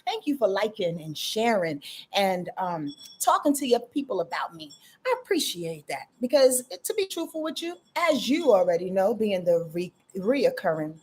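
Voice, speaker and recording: A woman's voice: mid-range voice, slight background noise. A middle-aged woman chatting casually as an astrologer hosting a livestream, greeting viewers by name and ranting freely. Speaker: astrologer and channel host.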